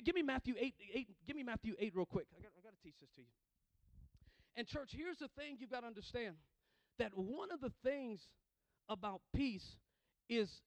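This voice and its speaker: A man's voice: high voice, dry recording, rough recording. A man preaching a sermon as pastor, repeating phrases and building in fervor.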